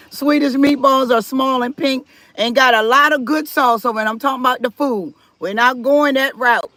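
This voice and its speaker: A woman with a high, bright voice talks her way through a live stream. She is chatty and reads viewer comments aloud, and she stays firm about respect. The sound is dry and close, with no room echo. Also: unhurried. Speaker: livestream host.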